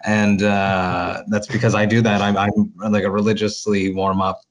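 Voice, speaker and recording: A man with a lowish voice talks as a guest in a relaxed interview. He is a metal vocalist, chatty and enthusiastic, with frequent restarts as he explains his singing. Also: normal speed. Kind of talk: casual interview chat.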